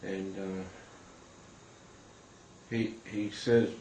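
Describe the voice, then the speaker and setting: Man, lower register, earnest personal testimony, hesitant delivery, talks straight to the viewer; echoey room. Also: level tone, a little mellow, a little hiss or hum. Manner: earnest, halting, many hesitations, addresses viewers directly. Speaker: Christian recounting a vision. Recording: roomy with faint ambience.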